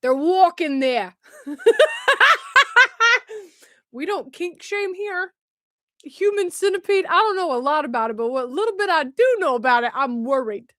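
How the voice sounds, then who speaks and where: A woman's voice: high voice, animated, normal speed, dry recording, studio quality. A woman hosting a casual live stream, chatting and reading comments with a giggly, self-mocking manner. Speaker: streamer host.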